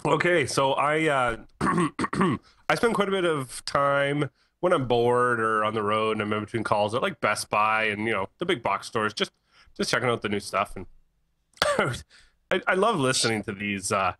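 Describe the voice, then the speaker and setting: A man co-hosting a casual podcast, telling animated stories and laughing often. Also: mid-range voice, normal speed. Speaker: podcast co-host. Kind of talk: casual chat, storytelling. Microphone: headset or desk mic in a live-streamed podcast.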